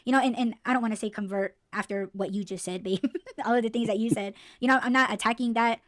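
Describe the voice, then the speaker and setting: A woman's voice: fairly high pitch, steady tone, fast, no echo, studio quality. A woman hosting a podcast, ranting bluntly and swearing freely in a casual, heated way. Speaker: podcast host.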